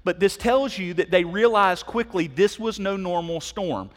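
Middle-aged pastor preaching in a reverberant hall. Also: male voice, high-pitched, normal speed. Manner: emphatic, conversational preaching with direct questions to the audience. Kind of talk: sermon.

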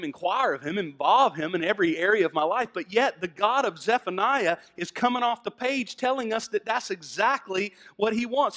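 A man with a Southern American accent preaching a sermon, moving from hushed lines to loud, fervent emphasis. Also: high voice. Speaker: pastor.

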